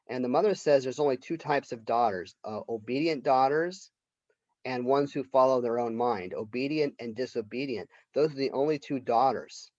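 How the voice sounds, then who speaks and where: A man's voice: medium pitch, moderate pace, a little mellow, dry recording. A male literature professor giving a college lecture, retelling a story in a casual conversational way. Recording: dull lo-fi lecture recording.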